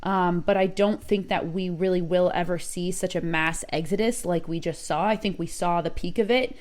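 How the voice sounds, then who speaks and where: A woman's voice: fairly low pitch, steady tone, normal speed. A woman co-hosting a podcast, giving casual football chat in an upbeat, enthusiastic way. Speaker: podcast co-host.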